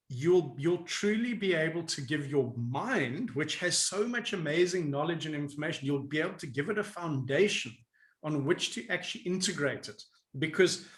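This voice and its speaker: A man coaching in an animated interview. He talks in a lively way, laughs often and acts out people's inner voices. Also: on the high side, reverberant.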